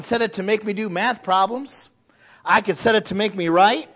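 A middle-aged male pastor preaching a sermon in a church, talking conversationally and building to loud exhortation. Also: sits high, normal speed. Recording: dull lo-fi recording.

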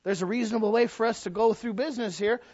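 A man's voice: high voice, steady tone, quick pace, darkish tone, dry recording. A man preaching a sermon in a folksy, conversational way, full of rhetorical questions. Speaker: pastor. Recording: dull, dry sound.

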